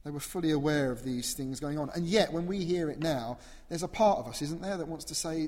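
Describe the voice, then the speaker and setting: A man delivers a sermon in a slightly high voice, earnest and emphatic, working through his points with rhetorical questions. His words ring out with the long echo of a large church hall. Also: a little fast, hardly any pauses, darkish tone. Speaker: preacher.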